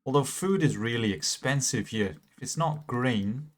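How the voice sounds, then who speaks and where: A British man commentates his game stream in an easy, chatty way. His voice sits at a middling pitch for a man, and he laughs often and trips over restarts as he thinks aloud. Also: animated, normal speed. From Britain. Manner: chatty, laughs easily, self-correcting restarts. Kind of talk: casual gameplay commentary.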